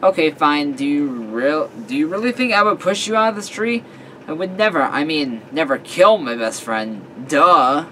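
A man's voice: on the high side, takes it slowly, hardly any pauses, fairly bright tone, slight background noise. A man voicing a playful, teasing teenage girl who is the narrator's best friend, in a read-aloud story. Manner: taunting, sing-song.

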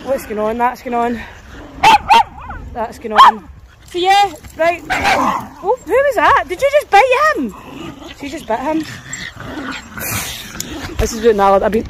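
A woman's voice: a little high, noisy background. A Scottish woman chatting casually while walking dogs outdoors, often breaking off to talk to the dogs. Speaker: dog walker vlogger. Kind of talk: casual vlog chat. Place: outdoors on a country path.

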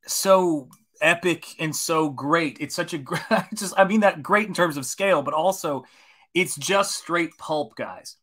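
A man in his forties, an artist painting on a live stream, greets viewers in a fairly high-pitched, sharp voice. He chats casually, enthusiastic and rambling.

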